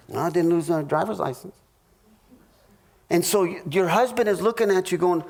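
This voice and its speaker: High-voiced man preaching with jokes. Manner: storytelling, halting restarts, jokey asides. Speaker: pastor teaching a marriage class. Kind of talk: humorous sermon.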